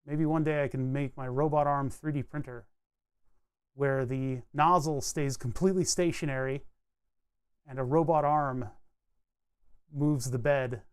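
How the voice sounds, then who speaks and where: Hiccuping and burping as he goes, this electronics streamer solders and repairs a circuit board on a live stream, musing aloud in a loose, casual ramble with jokes at his own expense. His medium-pitched voice is steady and unhurried with frequent pauses, recorded clean with no echo.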